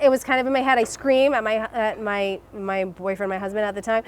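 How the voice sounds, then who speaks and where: A young adult woman telling her personal story as an interview guest, emotional and halting, with many restarts and fillers. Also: medium pitch, little pitch movement.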